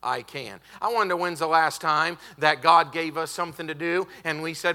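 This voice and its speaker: A man preaching a revival sermon as a visiting preacher, emphatic and stretching out key words, building up to shouted peaks in a church auditorium. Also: a little high. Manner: emphatic, building to shouted climaxes with drawn-out stresses; often says "hey, listen" to the congregation.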